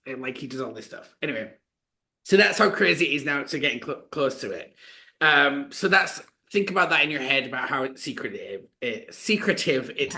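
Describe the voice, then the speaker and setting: A man co-hosting a podcast, telling a story in a chatty, animated way with lots of fillers. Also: mid-range voice, brisk. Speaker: podcast co-host. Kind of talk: casual storytelling chat.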